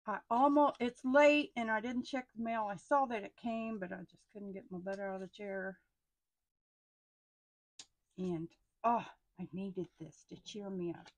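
Lady, middle-aged, gushing over a stationery haul, slow easy talk, dry close sound. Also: mid-range voice, no room sound. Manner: gushing, excitable, often hushed and breathy asides. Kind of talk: casual unboxing chat.

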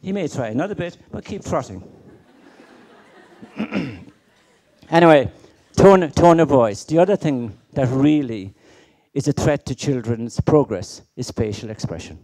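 A man's voice: mid-range voice, lively intonation, a little slow, creaky, mellow. A middle-aged man giving a conference keynote, emphatic and full of rhetorical questions and stories. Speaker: keynote speaker.

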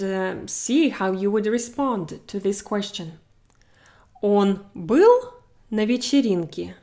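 Female language tutor, unhurried, mid pitch, careful drill-style delivery. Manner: slow, careful modeling of Russian example sentences. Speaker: Russian language teacher. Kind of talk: explaining grammar to learners.

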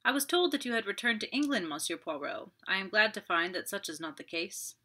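A woman's voice: mid-range voice, sing-song, brisk, sharp tone. A woman voicing a fussy, self-satisfied older French magistrate in an audiobook, pompous and prone to sighing.

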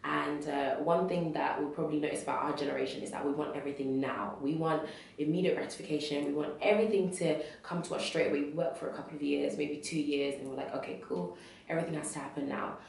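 A woman's voice: deep voice, fairly even intonation, vocal fry, darkish tone, a little hiss or hum. Thoughtful young woman in echoey room. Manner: thoughtful, measured, frequent fillers. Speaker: interviewee. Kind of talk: reflective interview answer. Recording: echoey room, distant mic.

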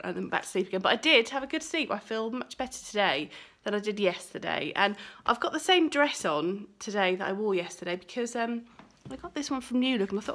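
A woman's voice: medium pitch, sing-song, a little fast, few pauses, fairly bright tone. A woman chatting casually to camera in a vlog, rambling and laughing now and then. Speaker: vlogger. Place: home, then walking outdoors and a busy cafe.

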